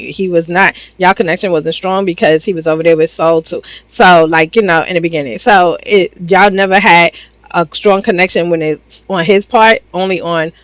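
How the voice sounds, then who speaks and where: A woman's voice: lowish voice, dry recording, poor audio. Blunt, sassy woman reacting to reality TV. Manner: blunt, sassy, opinionated, slangy. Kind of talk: casual reaction commentary.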